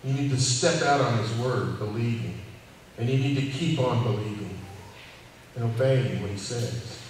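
A man's voice: mid-range voice, normal speed, slight background noise. Folksy male preacher, easygoing, repeats lines for emphasis; recorded far off in a reverberant hall. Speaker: cowboy church preacher. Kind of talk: informal sermon. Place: church hall. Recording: echoey hall, distant mic, faint ambience.

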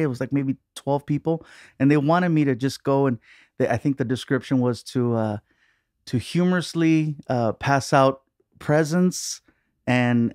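A man's voice: medium pitch, a little mellow, dry recording. Chatty man, dry close sound. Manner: chatty storyteller, laughs often. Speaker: comedian guest. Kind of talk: casual chat.

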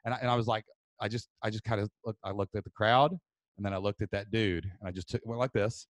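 A man, a podcast host telling a story loudly and excitably, then turning it into marketing advice. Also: lowish voice, no room sound. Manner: loud, excitable, fast-moving. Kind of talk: animated storytelling.

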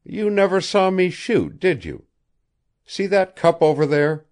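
A man's voice: high voice, big pitch swings, unhurried, darkish tone, voice pushed up. A man reading aloud and voicing a bold, reckless young engineer who talks decisively and mockingly. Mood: threatening.

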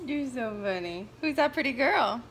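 A woman's voice: high-pitched, fairly bright tone, slight background noise. A woman at home talking to her baby in a casual vlog, cooing in sing-song baby talk. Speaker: mother and vlogger.

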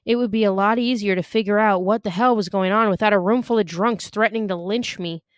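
A woman reading a novel aloud in an expressive, careful way. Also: mid-range voice, a little fast, dry recording, studio quality. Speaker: reader.

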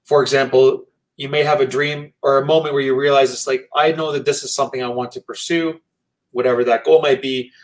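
A Canadian man, a guest motivational speaker, answering interview questions. He sounds earnest and measured, in keynote-like phrasing. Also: mid-range voice, little pitch movement, rough recording.

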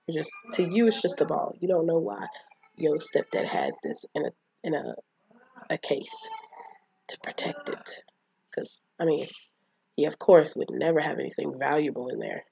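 A woman's voice: low-pitched, big pitch swings, normal speed, creaky, long pauses, dark tone, breathy edge, dry recording, dull audio. A woman casually retelling a childhood movie, chatting and acting out the characters' lines. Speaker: movie recapper.

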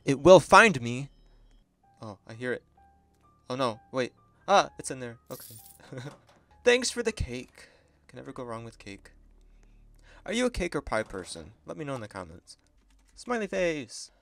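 A man giving excitable, chatty gameplay commentary and laughing often as a gaming video creator. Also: medium pitch, unhurried, vocal fry, pauses often, faint music behind.

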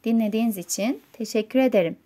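A woman with a Turkish accent teaching English vocabulary and reading a simple story aloud, slow and clear, going word by word. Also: a little high, warm tone. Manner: slow, clear, explaining words one by one.

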